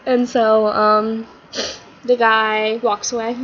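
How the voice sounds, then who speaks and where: A woman's voice: a little high, flat delivery, slow, fairly bright tone. A woman vlogger telling a long, rambling story, chatty and full of "like" and "um". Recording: slightly muffled with faint hiss.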